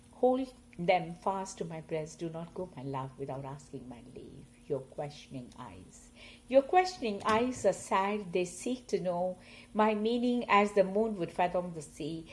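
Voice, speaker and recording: A woman reading poems aloud, slow and expressive, her loudness swelling and fading with the lines. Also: fairly low pitch, a little hiss or hum, low-quality recording. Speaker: poetry reader. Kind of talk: poetry reading.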